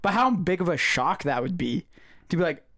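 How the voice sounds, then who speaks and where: A man's voice: fairly high pitch, animated, moderate pace, bright, forceful tone. A man joining a casual podcast chat, musing aloud in a hesitant way.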